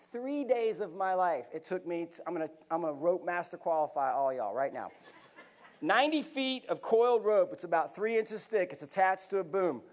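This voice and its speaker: A middle-aged American man giving a speech, telling a vivid, animated story from the stage to a live audience. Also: high voice. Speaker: keynote speaker.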